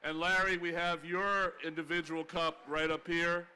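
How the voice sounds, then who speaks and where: A tearful man in his sixties emcees a class dinner in an excitable rush, stumbling and restarting his sentences. His voice is high and bright. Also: normal speed. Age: 60s. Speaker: master of ceremonies. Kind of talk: emotional emcee remarks.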